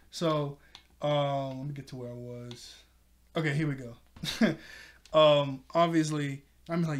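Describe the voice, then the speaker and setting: A man's voice: a little high, steady tone, measured pace. Rambling, chuckling male anime reviewer. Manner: rambling, laughs often, fillers like "obviously". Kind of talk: casual episode recap.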